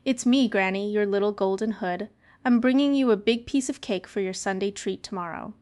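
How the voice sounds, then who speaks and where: Woman playing a trusting little girl, polite, innocent, smooth clear voice, storybook. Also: mid-range voice, normal speed, darkish tone, natural voice.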